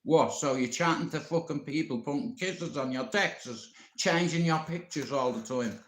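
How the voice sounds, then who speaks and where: A man's voice: fairly high pitch, moderate pace, a bit bright. An upset Irish man on a live stream, rambling and swearing often as he talks to a friend. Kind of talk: emotional live-stream rant. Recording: echoey roomy sound.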